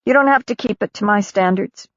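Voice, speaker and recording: A woman narrator voicing a weary middle-aged mother, gentle and firm, on a dull lo-fi recording. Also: medium pitch, brisk, no echo, voice pushed up, close to an everyday voice.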